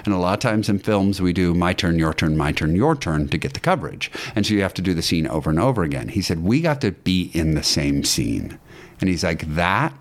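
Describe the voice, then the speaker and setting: Guest actor, very deep male voice, rambling storyteller with ums and false starts. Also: big pitch swings, fairly quick. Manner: anecdotal, hesitant with ums and restarts. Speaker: guest actor and acting teacher. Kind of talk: casual podcast storytelling.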